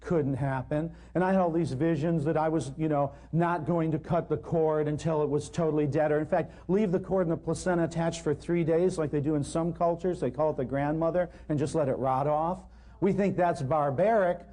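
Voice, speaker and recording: Man telling wry stories, mellow voice. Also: a little high, fairly even intonation, fairly quick. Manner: humorous, wry, self-deprecating. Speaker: natural healing lecturer. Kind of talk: anecdotal storytelling talk to a live audience. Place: live talk in front of an audience.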